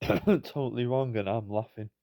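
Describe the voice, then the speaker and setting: A man's voice: medium pitch, expressive, moderate pace, gravelly, dark tone, no room sound, studio quality. A tired man giving rambling, self-deprecating commentary on a football management game. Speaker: gaming YouTuber. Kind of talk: casual gameplay commentary.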